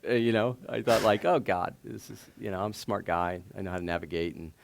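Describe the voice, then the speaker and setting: A low-voiced man with a gravelly edge, telling stories onstage as a guest at a live event. He talks in an animated way, laughs often and restarts his sentences a lot. He is middle-aged. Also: brisk. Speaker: startup founder and guest. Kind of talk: casual onstage storytelling. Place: stage before a live audience.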